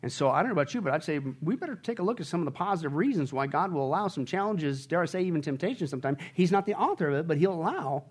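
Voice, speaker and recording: Male pastor, high and very expressive voice, energetic sermon delivery. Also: very fast, few pauses, breathy edge. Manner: animated preaching, shouting and laughing at peaks; asks the congregation questions.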